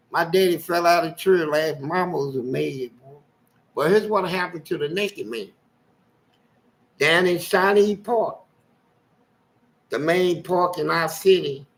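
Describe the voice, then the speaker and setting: An older man, telling colorful stories from his past in a casual, animated way. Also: fairly high pitch, poor audio. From Louisville, Kentucky. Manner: animated, colorful, acting out voices. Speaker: storyteller guest. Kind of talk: casual storytelling.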